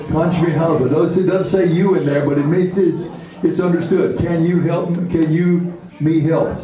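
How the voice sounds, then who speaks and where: A man teaching vocabulary to a class, slowly repeating each word and phrase, recorded from a far camera in a community room. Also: a little high. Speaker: language teacher. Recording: echoey room from far off with people around.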